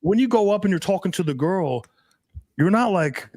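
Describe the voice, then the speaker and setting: A man coaching on dating in casual podcast chat, talking in an animated, emphatic way with a lot of swearing. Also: high voice, normal speed, no room sound.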